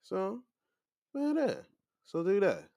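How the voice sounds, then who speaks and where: A man's voice: high-pitched, takes it slowly, dry recording. A man hosting a show, chatting casually through a recap and acting out what people said. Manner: animated, chatty, acts out quotes. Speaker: show host. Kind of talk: casual wrestling recap commentary.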